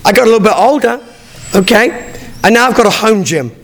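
A middle-aged man preaching with a strikingly high voice. There is a gravelly rasp under his words. He tells stories animatedly, stumbling and restarting often. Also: a little fast. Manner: animated storytelling, frequent restarts, acts out dialogue. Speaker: pastor. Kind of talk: sermon.

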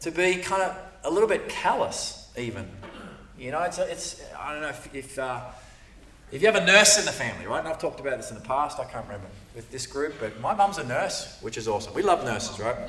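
A man's voice: mid-range voice, very animated, fairly quick, bright, forceful tone, slight background noise. A man preaching a sermon in a conversational way, often repeating words and checking in with "right?". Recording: echoey room, voice from a distance.

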